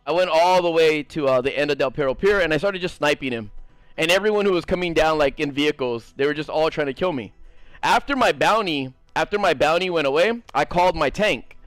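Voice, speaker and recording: A man streaming a game, telling a story in a casual, animated, swearing ramble and talking to his chat. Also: a little high, no room sound, soft background music. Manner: animated, profane, fast-rambling. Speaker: gaming streamer.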